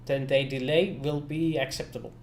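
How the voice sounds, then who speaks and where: A man's voice: a little high, fairly even intonation, moderate pace, slight background noise. A man acting as game master for an online tabletop game, often stopping and restarting his sentences.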